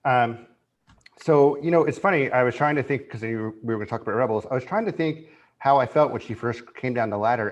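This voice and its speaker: Male podcast guest, mid-range voice, animated and emotional, gushing in casual chat. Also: medium pitch, dull audio. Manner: emotional, excited fan, animated retelling.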